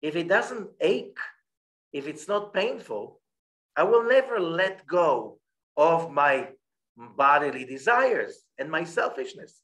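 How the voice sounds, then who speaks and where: A man giving a Torah class, his voice sitting a little high for a man. He reads Hebrew lines at speed, then slows down to explain them in plain English, with a frequent "okay?" to his listeners. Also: sing-song, fairly bright tone. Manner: checks in with listeners by saying "okay?". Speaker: rabbi teaching Kabbalah.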